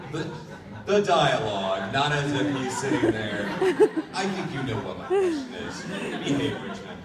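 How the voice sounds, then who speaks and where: A man's voice: high voice, huge pitch swings, slow, long pauses. A man moderating a convention panel, wry and teasing as he asks questions. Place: large convention hall. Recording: echoey hall, distant mic, crowd noise.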